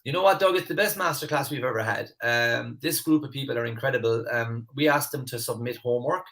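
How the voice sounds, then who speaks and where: A man's voice: medium pitch, fairly quick. Earnest man hosting a coaching class. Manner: earnest, animated, repeats words when starting phrases. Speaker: mentor and masterclass host. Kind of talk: live online coaching class.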